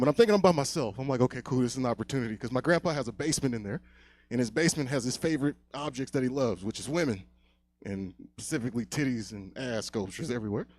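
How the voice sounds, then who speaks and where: A young man doing a stand-up set on a comedy club stage, telling a long story, often dropping to a hush, then getting loud again. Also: mid-range voice, no room sound. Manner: loose storytelling, swings loud and quiet.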